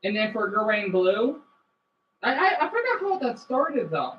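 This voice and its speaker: A woman streaming a game on her phone and chatting excitedly with her viewers, often restarting her sentences. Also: on the high side, moderate pace, husky. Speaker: game streamer reading chat. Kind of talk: casual livestream chat. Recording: dull lo-fi phone audio.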